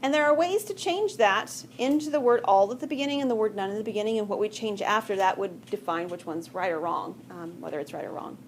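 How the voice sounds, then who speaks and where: A woman's voice: medium pitch, fast, hardly any pauses, slight background noise. Patient woman teaching a classroom math lesson. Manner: patient, conversational, checks in with students often. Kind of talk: classroom lecture.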